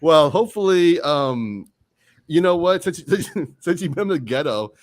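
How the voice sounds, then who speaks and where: A man's voice: on the high side, lively intonation, normal speed. Chatty man hosting a casual interview. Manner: giggly, chatty. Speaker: host.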